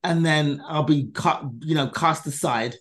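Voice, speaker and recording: A woman's voice: low-pitched, a little slow. A woman comedian telling a story as a podcast guest, acting out each person's lines and swearing freely. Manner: animated, acts out dialogue in different voices. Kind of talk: conversational storytelling.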